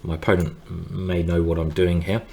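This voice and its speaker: A man's voice: sits low, level tone, normal speed, vocal fry, mellow. A middle-aged man commenting live on his own speed chess games, rambling and thinking aloud, often breaking off mid-sentence to react to his opponent's moves.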